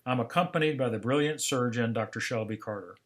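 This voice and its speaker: Older guy lecturing, calm storyteller, mid pitch, acts out bits of dialogue. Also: quick pace. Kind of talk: scripted seminar narration.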